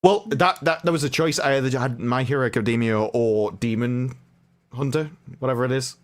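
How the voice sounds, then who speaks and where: A man's voice: mid-range voice, brisk. A man with a casual received-pronunciation English accent, co-hosting a chatty livestream and explaining things at length with frequent restarts. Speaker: co-host.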